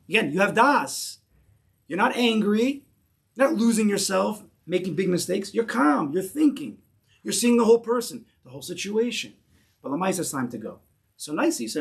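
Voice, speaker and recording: A man's voice: high voice, sing-song, normal speed, vocal fry. A man teaching a Torah class in English mixed with Hebrew terms, emphatic and repeating key phrases as he builds to a point.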